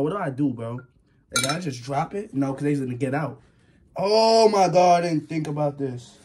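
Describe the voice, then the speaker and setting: A man's voice: fairly high pitch, slight background noise. Nervous jumpy young man vlogging. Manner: nervous, jumpy, rambling, slangy, yelps and laughs. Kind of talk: casual vlog talk to viewers.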